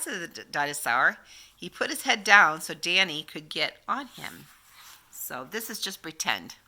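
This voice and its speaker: A grandmother over sixty reading a picture book aloud to a small child. She sits fairly low in pitch, yet swings it widely and rings very bright as she pauses to ask the child questions. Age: older. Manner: animated, asks the child questions.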